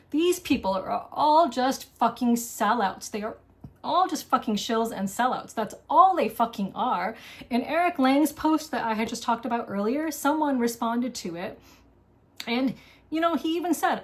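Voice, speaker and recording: A woman hosting a board game show, delivering an angry, impassioned, profane solo rant. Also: on the high side. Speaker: board game video host. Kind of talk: solo ranting monologue.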